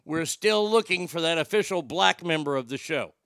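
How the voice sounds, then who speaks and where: A man's voice: on the high side, expressive, moderate pace, fairly bright tone, dry recording, clean studio sound. A man from Oklahoma hosting a livestream, reading out viewer comments with jokes and banter. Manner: bantering, joking, reads comments aloud. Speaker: livestream host.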